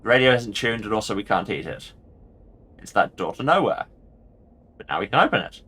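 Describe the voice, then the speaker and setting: A man's voice: fairly low pitch, very animated, fairly quick, bright, forceful tone, husky. A man hosting a let's play and giving playful, jokey commentary on the game. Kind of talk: casual gameplay commentary.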